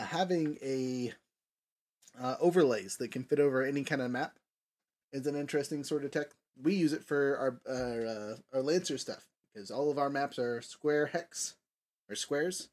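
Rambling male podcast host, casual. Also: medium pitch. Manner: rambling, filler-heavy, lively. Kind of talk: casual chat.

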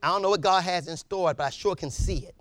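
A male preacher delivering an impassioned sermon, rising to shouts and calling out to his congregation. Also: high-pitched, fast talker, no room sound.

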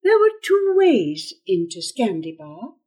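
A woman narrating a fantasy audiobook in a slow, expressive storytelling manner. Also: mid-range voice, breathy edge.

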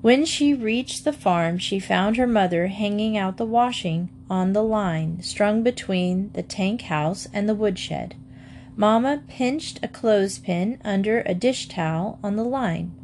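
Woman, children's audiobook narrator, steady, measured, mid-pitched. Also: a little hiss or hum. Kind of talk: scripted narration of a children's book.

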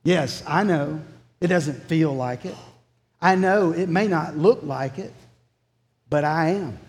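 Slow, high-voiced man preaching. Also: long reverb tail. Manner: earnest, emphatic preaching. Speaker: pastor. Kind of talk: sermon.

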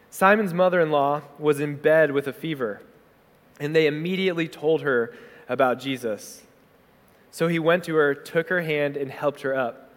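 Man preaching in a reverberant hall. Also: on the high side. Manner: conversational, animated preaching with acted asides. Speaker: pastor. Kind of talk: sermon.

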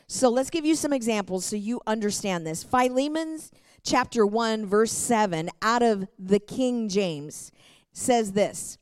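Woman pastor, middle-aged, high voice, smooth resonant tone, dry sound, lively teaching. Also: a little slow, dry recording. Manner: lively, laughing often, reading scripture aloud. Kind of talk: teaching a church lesson.

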